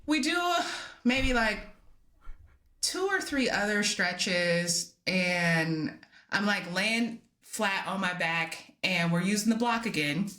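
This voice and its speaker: A woman co-hosting a podcast, telling a story in casual chat, animated and swearing freely, laughing often as she talks. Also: mid-range voice, slow pace. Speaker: podcast co-host.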